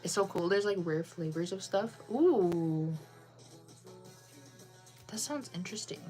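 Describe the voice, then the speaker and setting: A woman's voice: on the low side, lively intonation, a little slow, warm tone, faint music behind. A woman chatting casually with viewers on a live stream, bubbly and full of "like" fillers.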